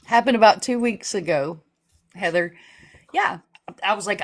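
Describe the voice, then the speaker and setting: Woman, middle-aged, lively storyteller, casual chat, acts out what people said. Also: mid-range voice, normal speed. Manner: animated storyteller, acts out quoted dialogue. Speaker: missing-persons advocate who live streams vigils.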